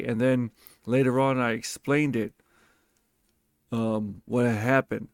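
A man's voice: medium pitch, no echo, studio quality. A man host telling a personal story in a casual monologue, swearing often and speaking with emphasis. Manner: profane, emphatic and animated.

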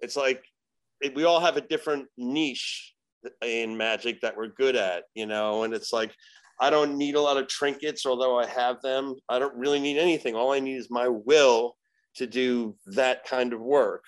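A man in the middle of his pitch range, talking as a podcast guest. He rambles loosely with lots of "you know" fillers and swears freely as he tells his stories. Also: normal speed, low-quality recording. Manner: profane, animated storyteller acting out voices. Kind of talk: casual storytelling.

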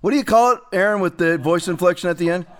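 A man's voice: sits high, fast talker, a bit bright, clear, resonant tone. A man hosting a political commentary show, talking in a sarcastic, mocking way.

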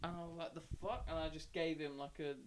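A man's voice: a little high, little pitch movement, fast. A young man from South East London, a podcast guest, telling a rambling story in casual chat, swearing a lot and filling with "like". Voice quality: creaky. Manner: rambling, heavy swearing, lots of "like".

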